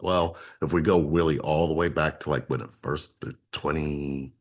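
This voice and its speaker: Very deep-voiced earnest man. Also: steady tone, moderate pace. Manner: earnest, repeats words for emphasis. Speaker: relationship coach, co-host. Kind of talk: casual explanatory talk.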